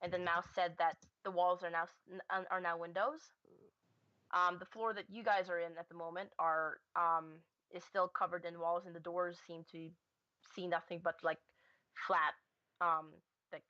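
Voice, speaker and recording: A woman running a tabletop game with a bright, forward voice, close and dry on a slightly dull mic. She narrates in a halting way, full of fillers and corrections. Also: fairly low pitch, flat delivery, dry recording. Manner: hesitant, many fillers and self-corrections. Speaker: game master.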